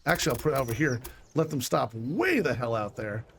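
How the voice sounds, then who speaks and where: A man's voice: mid-range voice, big pitch swings, brisk, creaky, fairly bright tone, slight background noise. Man muttering through gameplay, frustrated. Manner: thinks aloud, self-directed and frustrated, with mild swearing. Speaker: let's play gamer. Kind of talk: casual gameplay commentary.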